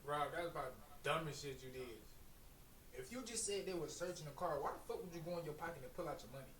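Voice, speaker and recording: A man hosting a reaction video, cutting in with loud, teasing jokes. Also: fairly high pitch, fast talker, a little hiss or hum. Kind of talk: casual reaction commentary. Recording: roomy, distant mic with faint background.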